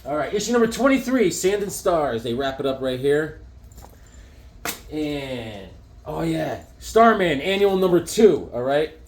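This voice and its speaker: An excitable man talking through comic books in a loose, chatty way, his voice bouncing widely up and down. It sits a little higher than most men's. He keeps slipping into quick silly voices. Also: slight background noise. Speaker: comic book reviewer. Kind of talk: casual comic book review.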